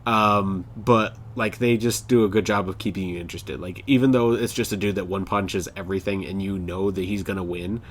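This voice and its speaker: A young man co-hosting a casual podcast, talking animatedly about shows he loves and laughing loudly and often. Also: deep voice, fairly even intonation, brisk, few pauses, a little hiss or hum. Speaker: podcast co-host. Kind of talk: casual chat.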